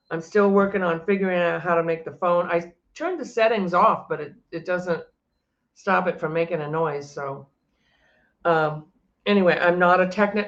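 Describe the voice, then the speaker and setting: An older woman, a psychic and energy healer, talking in a loud, chatty, rambling way from her home office, often breaking off mid-sentence. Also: lowish voice, muffled recording. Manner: chatty, rambling, self-interrupting; loud, emphatic. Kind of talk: casual unscripted monologue to camera.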